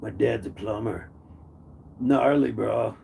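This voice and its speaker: A drawling young surfer dude, as a man puts him on, who slurs through surfer slang at a lazy, laid-back pace. The voice drops lower than the man's normal talk and comes out softer. A faint hiss sits behind it. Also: slow pace, creaky, full character voice.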